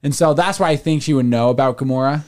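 A man co-hosting a casual fan podcast, excitable, laughing often and quoting movie lines. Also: medium pitch, fast talker. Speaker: podcast co-host.

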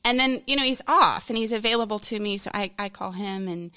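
A woman's voice: medium pitch, a little fast, pushed and bright, clear, resonant tone, no room sound, studio quality. A woman in a conversational interview, telling a personal story in a frank, candid, rambling way, full of fillers and emotion. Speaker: podcast guest.

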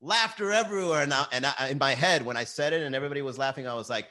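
A comedian with a mid-range voice races through his own daily livestream, animated and swearing often as he reads viewer comments aloud in profane, casual chat.

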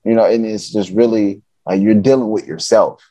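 His voice sits on the low side and moves at a moderate pace, with no echo. He's a podcast guest from Chicago, USA, telling casual stories with energy, performing people's quotes and swearing a little.

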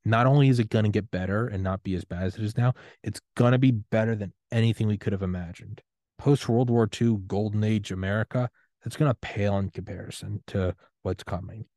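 A man's voice: on the low side, fairly quick, warm tone, no echo, clean studio sound. A man in his thirties hosting a solo podcast rant, profane, defiant and impassioned. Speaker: podcast host.

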